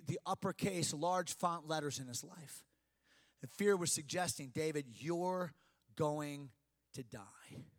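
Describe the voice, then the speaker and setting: A man's voice: high-pitched, a bit bright. A man preaching a sermon, building emphasis and acting out quoted voices. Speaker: pastor.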